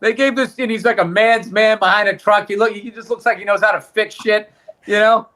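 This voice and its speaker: A man's voice: high voice, steady tone, brisk, bright, forceful tone. A man co-hosting a sports podcast who makes sardonic, profane wisecracks in casual chat. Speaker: podcast co-host.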